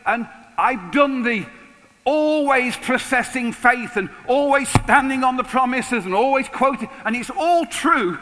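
A man in his sixties preaching in a large hall, his high, bright voice trailing a long reverb. He keeps the sermon conversational and lively, with touches of humor. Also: measured pace. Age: 60s. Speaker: pastor.

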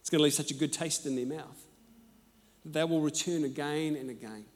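A man preaching a sermon and telling personal stories, animated and emphatic, moving between loud and hushed. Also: fairly high pitch, a little fast. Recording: echoey hall.

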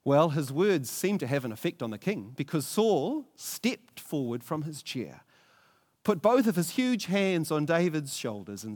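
Expressive male storyteller in a reverberant hall. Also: fairly high pitch. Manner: vivid, halting, with stammered repeats. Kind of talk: first-person dramatic retelling. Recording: long echoey reverb.

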